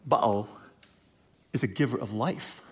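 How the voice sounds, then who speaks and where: A man preaching to a congregation in a lively, conversational way, repeating phrases for emphasis and leading the audience to say words back. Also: mid-range voice, takes it slowly. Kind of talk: animated sermon with audience call-and-response.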